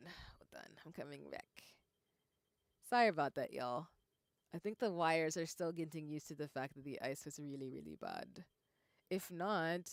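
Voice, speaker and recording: A young woman with a Southern US accent, streaming a game live, chatty, swearing and breaking into loud outbursts. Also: low-pitched, dry recording, clean studio sound. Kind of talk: live gaming stream chat.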